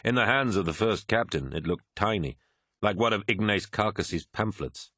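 A man narrating a dramatic audiobook in a steady, measured way. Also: lowish voice, dry recording, clean studio sound.

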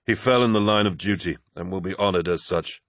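Man playing a tired wounded warlord, deep and grave, bossy even when worn out, dry close audio. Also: fairly quick, no echo. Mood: weary, grave. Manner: weary, grave, authoritative. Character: weary wounded male warlord, commanding.

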